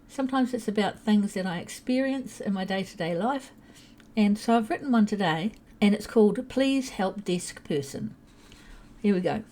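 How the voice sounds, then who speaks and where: A woman's voice: mid-range voice, dark tone. An older woman talking to her viewers in a casual, chatty monologue, explaining things plainly with small restarts. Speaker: vlogger.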